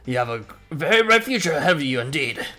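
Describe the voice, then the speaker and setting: A man playing a booming bull-man salesman. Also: sing-song, fast talker, sharp tone, faint music behind. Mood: hammy. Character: huge muscular bull-man businessman, boisterous flatterer.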